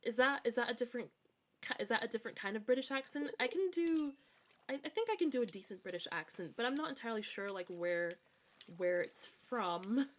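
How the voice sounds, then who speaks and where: A woman's voice: fairly high pitch, expressive, fairly quick. A woman streaming a game, chatting casually and rambling with frequent restarts and giggles, with a hard-to-place accent that mixes formal and informal words. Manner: rambling, self-correcting, giggly. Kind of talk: casual gaming stream chat.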